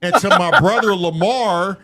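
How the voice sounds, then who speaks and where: A man's voice: sits high, measured pace, bright, forceful tone. A man co-hosting a live podcast stream, telling crude, joking stories in casual banter. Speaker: podcast co-host.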